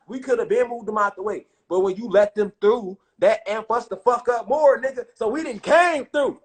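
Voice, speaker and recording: A man telling a spiritual story in casual, profane street slang, getting loud and excited at times. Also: very high voice, brisk. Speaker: speaker.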